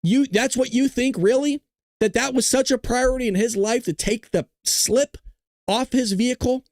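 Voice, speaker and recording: A man hosting a live stream, ranting loudly with heavy swearing and jokes while he reads the chat. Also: very high voice, steady tone, normal speed, dry recording, studio quality. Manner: loud, ranting, profane, jokey. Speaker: livestream host.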